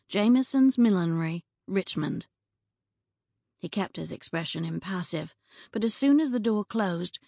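A woman narrating an audiobook in a measured, even storytelling manner, recorded close on a studio mic. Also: on the low side, creaky, slightly rough, dry recording. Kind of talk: scripted narration.

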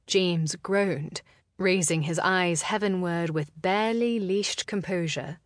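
A woman narrating a historical romance audiobook in a measured, expressive way. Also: on the low side, no room sound, studio quality.

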